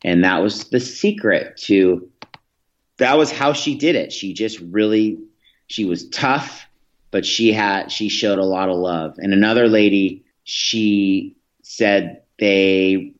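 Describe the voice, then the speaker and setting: Man, thirties, very low voice, earnest anecdotal guest, frequent restarts, muffled lo-fi sound. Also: slow. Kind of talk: storytelling in a podcast interview. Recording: dull lo-fi audio.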